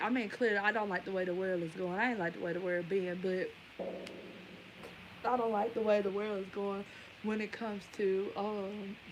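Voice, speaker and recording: Speaking to camera, this twenty-something vlogger launches into a casual, emphatic rant, rambling as she shares her opinions. Her voice is medium-pitched, and the rough recording carries a little hiss or hum.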